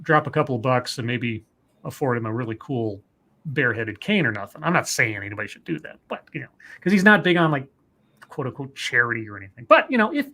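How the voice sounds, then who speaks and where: A man's voice: mid-range voice, sing-song, fast talker, pushed and bright. A man hosting a casual podcast, joking wryly and reading out social media posts. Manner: wry, joking, reads out tweets. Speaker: podcast host. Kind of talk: casual chat.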